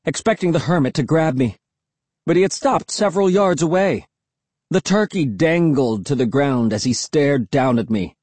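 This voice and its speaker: An audiobook narrator giving a dramatic, expressive first-person reading. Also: medium pitch, husky, no room sound.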